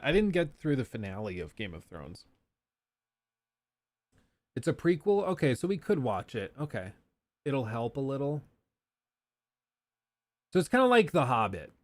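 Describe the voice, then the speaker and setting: A man hosting a casual livestream, reading out viewer questions and answering them in a loose, chatty way with quick asides. His voice sits at a middle pitch. The sound is dry and close, with no room around it. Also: no echo. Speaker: livestream host.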